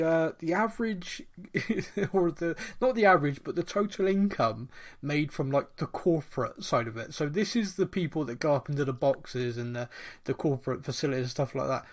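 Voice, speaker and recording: A man co-hosting a casual chat podcast, telling animated stories and laughing often. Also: on the high side, normal speed. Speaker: podcast co-host.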